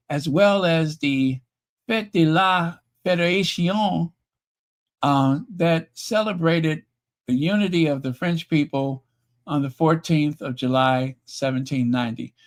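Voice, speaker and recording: Speaking a little slowly in a higher voice, this man hosts a royal news live stream on YouTube. Between reading reports and viewer comments, he tosses in sarcastic, conversational remarks, using fillers and correcting himself.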